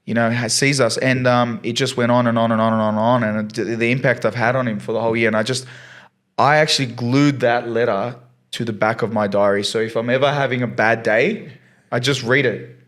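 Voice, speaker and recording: A man's voice: medium pitch, steady tone, brisk, a bit bright. A man, a science teacher and podcast guest, earnestly telling a long story in a rambling casual way, with many fillers.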